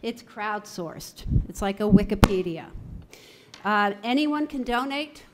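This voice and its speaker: Woman, middle-aged, voice coach; measured, clear conference presentation delivered in lists, with even mid pitch. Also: very noisy. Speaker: theatre voice and dialect coach. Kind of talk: conference talk. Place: university conference room.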